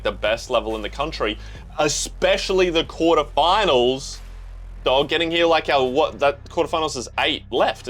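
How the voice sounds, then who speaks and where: Young aussie dude hyped up reacting to manga, lots of bro talk, average pitch, bit of music under it. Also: male voice. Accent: Australian. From Australia. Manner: excitable, slangy, talks to himself and the viewer. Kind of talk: casual reaction commentary.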